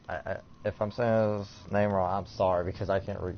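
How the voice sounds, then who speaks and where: A man's voice: low-pitched, fairly even intonation, moderate pace, vocal fry, few pauses. A teenage boy casually commentating his gameplay, rambling with lots of fillers and reading game text aloud. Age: teens. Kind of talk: casual let's-play commentary. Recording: dull lo-fi mic with faint noise.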